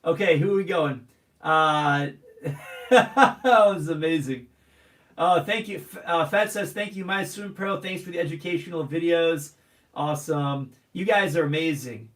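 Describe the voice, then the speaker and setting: A man's voice: fairly high pitch, a little slow, a bit bright, recorded from a distance. A man hosting a live stream Q&A, upbeat and calling out greetings to viewers from many places. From United States. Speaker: host. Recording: roomy echo, off-mic.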